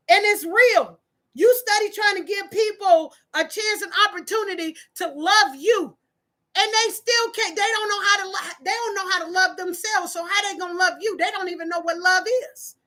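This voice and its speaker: A woman's voice: very high-pitched, pushed and bright. A woman hosting a live-streamed relationship advice talk, reading viewer comments and preaching emphatically with lots of repetition. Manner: emphatic and preachy, with repeated phrases. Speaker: host of a relationship talk channel.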